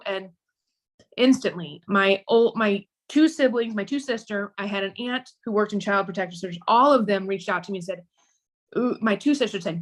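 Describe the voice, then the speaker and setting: Halting mother telling a painful story. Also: medium pitch. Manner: halting, many restarts. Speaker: guest. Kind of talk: emotional personal storytelling.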